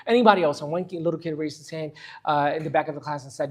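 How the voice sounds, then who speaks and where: A man's voice: a little high, racing. A middle-aged man teaching a church Bible study, speaking earnestly and emotionally about personal pain. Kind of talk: impassioned church lesson.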